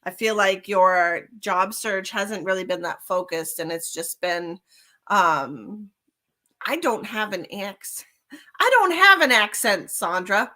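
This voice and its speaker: Bright-voiced woman reading tarot live. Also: lowish voice, slow. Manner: chatty, calls viewers honey and darling. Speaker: tarot reader. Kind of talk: live-stream tarot reading, chatting with viewers.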